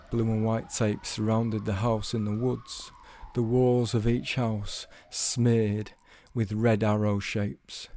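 A man telling a comic story in a measured, deadpan way. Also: fairly low pitch, creaky, slight background noise. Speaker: storyteller guest.

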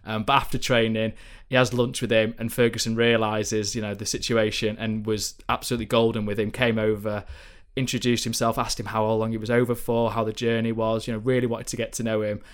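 A man's voice: on the low side, level tone, brisk, clean tone. Rambling male football journalist. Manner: rambling storytelling with many fillers and restarts. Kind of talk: casual podcast chat.

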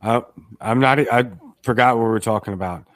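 A man's voice: medium pitch, a little fast, fairly bright tone, no room sound. A man hosting a casual live call-in chat, rambling and joking in a dry way. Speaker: show host.

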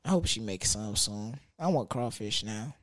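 A man's voice: on the low side, animated, normal speed, dry recording. A young man telling a profane, slang-heavy story rant.

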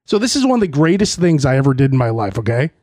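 A man's voice: medium pitch, big pitch swings, fast talker, a little mellow, no room sound, studio quality. A man hosting his own podcast, telling stories in a profane, playfully indignant way. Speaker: podcast host. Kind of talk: solo comedic storytelling podcast.

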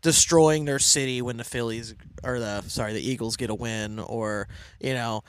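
A man's voice: mid-range voice, fairly even intonation, normal speed, clear, resonant tone, no room sound. A man co-hosting a podcast in casual chat, rambling and joking with lots of restarts and fillers. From United States. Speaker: podcast co-host.

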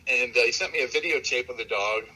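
A man tells long, rambling stories about breeding dogs in an easy conversational flow, often circling back with "you know" and restarts. His voice is bright and forward, with a noticeable husky grain, at a mid pitch. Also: fast talker, poor audio. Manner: rambling, relaxed, many fillers and restarts. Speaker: dog breeder, interview guest. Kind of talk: casual storytelling in an interview.

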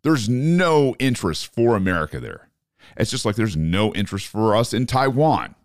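A man's voice: fairly low pitch, big pitch swings, normal speed, dry recording, studio quality. A man hosting a political podcast, ranting in profane disbelief about current events. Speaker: podcast host. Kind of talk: opinionated political commentary.

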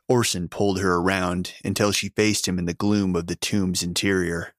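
A man narrates a story in a steady, measured way. His low voice is recorded close and dry. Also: no echo. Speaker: audiobook narrator. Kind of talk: scripted narration.

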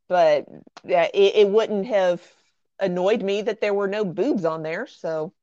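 A woman co-hosting a casual podcast, dropping wry, deadpan quips. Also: mid-range voice, a little slow, no echo, muffled recording. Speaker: podcast co-host.

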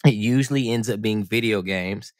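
A man in relaxed podcast chat, easygoing and a bit teasing, stretching out his thoughts. His voice sits slightly low, recorded dry and close. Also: no echo. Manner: easygoing, teasing, drawn-out reflective phrasing. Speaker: podcast co-host. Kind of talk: relaxed casual conversation.

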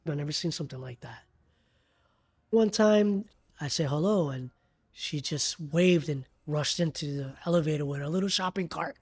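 A man who works as a hotel bellhop, telling an emotional story in a husky, earnest voice in a documentary interview. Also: a little high, normal speed, darkish tone.

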